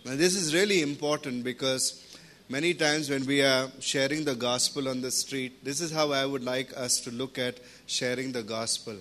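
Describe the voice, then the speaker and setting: A man preaching a sermon, reading scripture, praying and teaching in an earnest, deliberate way. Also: mid-range voice, steady tone, fairly bright tone.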